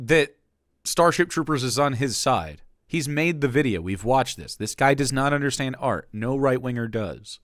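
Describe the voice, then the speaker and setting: Brief: a mocking, foul-mouthed man reacting live, bright tone, dry close sound. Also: medium pitch, moderate pace, dry recording. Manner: profane, mocking, taunting. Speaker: streamer. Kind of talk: casual reaction commentary.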